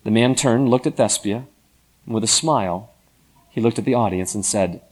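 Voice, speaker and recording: A man narrating a story in an expressive, dramatic storytelling manner. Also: on the low side, normal speed.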